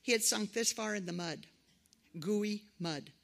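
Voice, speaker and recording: Her voice gravelly and medium in pitch, a middle-aged woman delivers a conversational sermon at a measured pace. Personal stories fill it, with the people in them brought to life through animated quoted voices.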